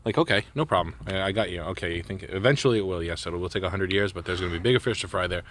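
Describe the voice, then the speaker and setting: A man co-hosting a casual podcast chat, rambling and profane, who keeps slipping into quick impressions of people he met. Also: low-pitched, a bit bright. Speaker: podcast co-host.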